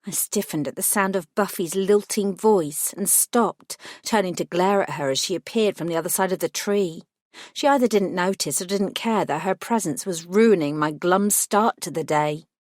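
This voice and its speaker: A woman reading a first-person paranormal audiobook with wry, measured narration. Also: on the low side, no echo, clean studio sound.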